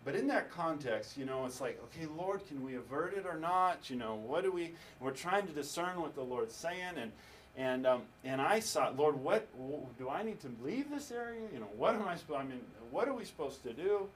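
A man preaching in an animated, storytelling manner, his voice a little high for a man. He sounds set back from the microphone, with a faint hiss behind him. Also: normal speed, far from the mic, poor audio. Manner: animated storytelling with laughter and acted quotes. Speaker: pastor. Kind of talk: sermon storytelling.

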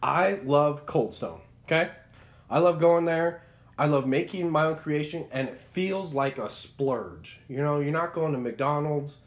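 Brief: young male podcast co-host, rambling storyteller, lots of restarts, animated. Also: fairly high pitch, measured pace. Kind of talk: casual chat.

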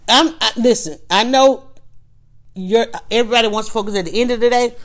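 A woman hosting a podcast, speaking straight to her listeners in an animated, rambling monologue full of restarts and side stories. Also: fairly high pitch, a little fast. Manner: speaks directly to listeners, coaching them. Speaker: podcast host.

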